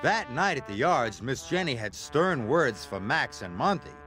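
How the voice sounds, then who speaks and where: A man narrating a children's story aloud in a slow, read-aloud manner. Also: medium pitch, big pitch swings, sharp tone. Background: background music.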